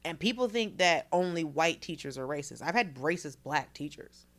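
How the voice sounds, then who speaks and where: Lively storytelling woman, low voice. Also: normal speed. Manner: animated storyteller, acts out quotes, swears. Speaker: guest comedian. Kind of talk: casual podcast chat.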